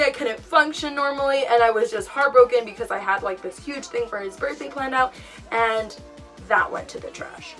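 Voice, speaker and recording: A woman's voice: on the high side, moderate pace. A young woman casually telling a storytime on her vlog, acting out what she and others said. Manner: chatty, animated retelling with quoted dialogue. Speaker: vlogger. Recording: far from mic, music behind.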